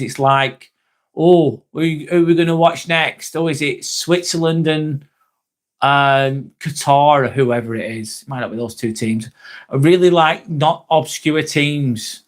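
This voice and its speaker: A man hosting a live vlog, casually chatting, reading out viewer comments, swearing and laughing now and then. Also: mid-range voice. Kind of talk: casual live-stream chat.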